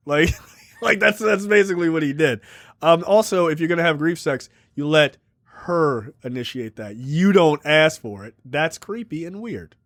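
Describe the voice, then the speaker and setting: Dry, higher-voiced man recapping a movie. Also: expressive, moderate pace, a bit bright, no echo. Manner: recaps plot loosely with lots of fillers and joking asides. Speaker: podcast co-host. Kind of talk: casual movie review chat.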